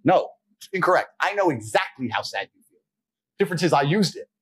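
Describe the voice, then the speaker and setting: A man's voice: fairly high pitch, sing-song, fairly quick, slightly rough. A man giving a blunt, profane, lecturing monologue as a podcast guest. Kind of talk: forceful monologue.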